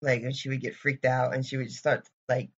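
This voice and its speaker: A woman's voice: very deep voice, level tone, moderate pace, slightly rough, dull audio. A woman co-hosting a podcast, chatting casually and easily and laughing often. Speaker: podcast co-host. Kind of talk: casual book-discussion chat.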